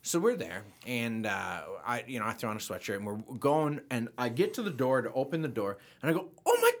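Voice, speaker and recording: A middle-aged man on a podcast telling a funny story in casual chat, his voice jumping high when he quotes himself. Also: brisk. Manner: animated, voice jumps high when quoting himself. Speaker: podcast co-host.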